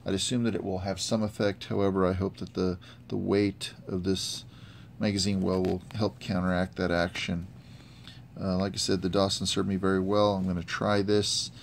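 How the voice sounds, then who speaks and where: A man giving a casual, halting product review with many fillers, filming on a handheld camera. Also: sits low, level tone, vocal fry, slight background noise. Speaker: gun hobbyist reviewer. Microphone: handheld camera mic.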